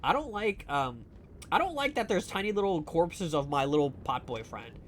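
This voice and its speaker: A man's voice: fairly high pitch, sing-song, normal speed, slight background noise. Rambling man streaming a game. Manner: rambling, filler-heavy, profane, teasing. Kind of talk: casual live gameplay chat.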